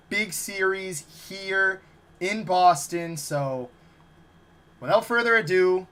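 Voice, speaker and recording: A man's voice: high-pitched, fairly bright tone. A man hosting a sports talk show, giving an upbeat rundown of the topics ahead. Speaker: host. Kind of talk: show introduction.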